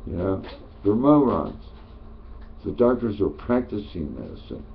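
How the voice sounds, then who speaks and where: Deep gravelly guy ranting and cursing, muttering then yelling, muffled lo-fi audio. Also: very animated, unhurried. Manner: profane, preachy, swings from low mutter to shouting. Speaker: online ranter. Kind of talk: angry political rant. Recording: dull lo-fi sound with faint noise.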